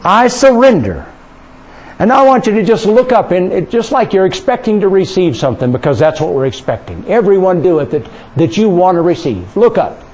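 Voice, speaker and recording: High-voiced man leading fervent prayer. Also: sing-song, highs cut off. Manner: fervent, intimate, coaxing the listeners to pray aloud; drifts into soft, slow speaking in tongues. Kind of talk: charismatic prayer session.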